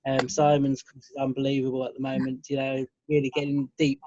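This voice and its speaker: Hesitant man with a flat, dark voice. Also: mid-range voice, slight background noise. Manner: hesitant, halting. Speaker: team member on a group call. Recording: dull, dry call audio.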